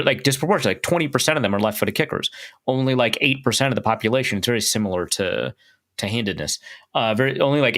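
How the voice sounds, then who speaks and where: A young adult man co-hosting a podcast, telling a funny story in an animated, self-mocking way and laughing along. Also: mid-range voice. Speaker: podcast co-host. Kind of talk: casual storytelling chat.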